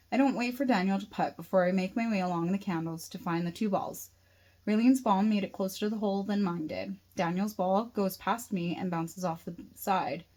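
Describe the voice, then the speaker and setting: A woman author narrating her own novel in the first person, in a plain, steady reading voice. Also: mid-range voice, poor audio.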